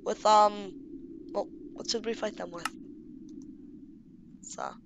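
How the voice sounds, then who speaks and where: A woman giving playful gameplay commentary on a game mod, excitable and gushing, baby-talking to her in-game pets. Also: mid-range voice, slow pace, creaky, noisy background. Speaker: YouTuber showing a game mod.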